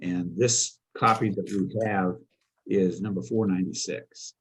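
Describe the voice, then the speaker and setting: A man on a collectors' panel, speaking in halting sentences full of restarts. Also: low-pitched, fairly even intonation, breathy edge, rough recording. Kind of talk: casual panel chat.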